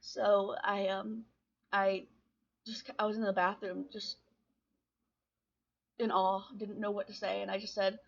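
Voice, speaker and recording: Young woman, halting confessional vlog. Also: mid-range voice, flat delivery, gravelly, highs cut off. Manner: halting, full of restarts and fillers. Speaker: vlogger. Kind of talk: confessional storytelling to camera.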